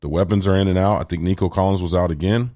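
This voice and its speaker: A man's voice: low voice, steady tone, fast, mellow, no echo, studio quality. A man hosting a sports talk show, casually rambling through football analysis with slang and restarts. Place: home near an air base, planes heard.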